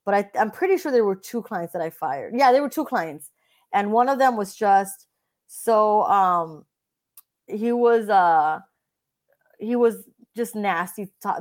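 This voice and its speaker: A woman realtor talking casually in an interview, blunt and animated, often acting out what other people said. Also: mid-range voice.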